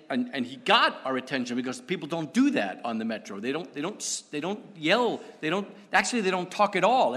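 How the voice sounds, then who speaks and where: A male guest preacher delivers a sermon with a bright, forceful tone. He tells stories and pokes fun at himself, stumbling over fillers and restarts. His voice rings through a church with a long, echoing reverb. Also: fairly high pitch. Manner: self-deprecating, storytelling, halting with fillers.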